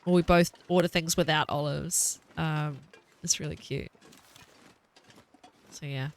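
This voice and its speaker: With a deep voice, fairly even intonation, and a measured pace, a woman in her thirties streams a game in a New Zealand accent. Her manner is chatty and rambling, and she laughs often.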